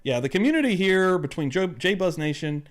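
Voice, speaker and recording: A man's voice: high-pitched, lively intonation, brisk. A man hosting a live-streamed podcast, chatting loosely and eagerly thanking viewers in the chat. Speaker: podcast host.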